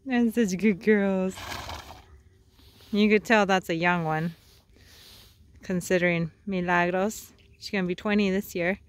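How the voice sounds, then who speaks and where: A woman's voice: medium pitch, fairly even intonation, unhurried, long pauses. A woman vlogging outdoors on a trail ride by a creek, talking playfully and cooing to her animals. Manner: cooing, playful talk to animals, frequent laughs. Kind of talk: casual vlog narration.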